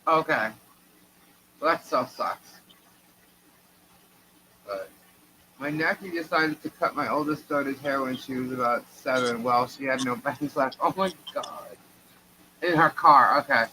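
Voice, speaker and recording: A woman's voice: very deep voice, measured pace, long pauses, sharp tone, a little hiss or hum, rough recording. A middle-aged woman co-hosting a live stream, telling a long family story in a rambling, chatty way and laughing between sentences. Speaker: livestream co-host.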